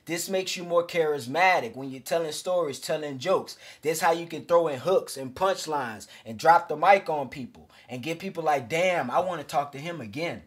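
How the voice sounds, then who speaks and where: A man's voice: a little high, normal speed, hardly any pauses. A man giving casual, emphatic self-improvement advice straight to his viewers, calling them fellas. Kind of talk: direct-to-camera advice talk.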